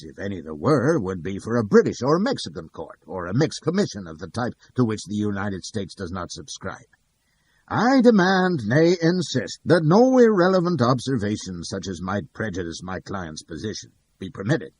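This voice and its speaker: A man's voice: fairly low pitch, sing-song, moderate pace, darkish tone, husky. Man doing a formal, courtly defense lawyer. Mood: formal protest. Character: smooth measured male defense lawyer.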